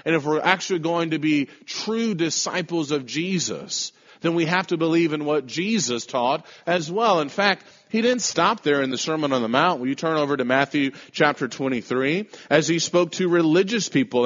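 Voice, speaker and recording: A man preaches a sermon with dramatic swings between loud, forceful lines and hushed, slow ones. His voice sits fairly high for a man. The sound is muffled, and a long reverb trails off in a church hall.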